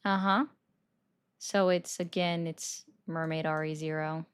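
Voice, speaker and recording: A woman's voice: low voice, steady tone, unhurried, clear, resonant tone. A young woman, hosting a casual live stream, chatting with viewers and taking calls. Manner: chatty, reacts to viewer comments. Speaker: livestream political commentary host.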